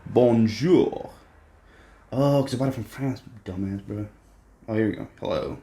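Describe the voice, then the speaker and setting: A young man filming a casual unboxing, excitable and swearing often, jumping between hushed whispers and squeals. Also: fairly low pitch, unhurried, slight background noise. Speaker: vlogger.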